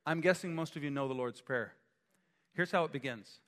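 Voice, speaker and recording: A man preaching a sermon as pastor, animated and acting out scenes with quick changes of voice. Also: on the high side. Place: church sanctuary. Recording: echoey hall.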